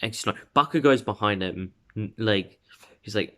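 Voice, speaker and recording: A man's voice: lowish voice, moderate pace, a bit bright. A man casually narrating an unscripted fan story, rambling with frequent restarts and fillers.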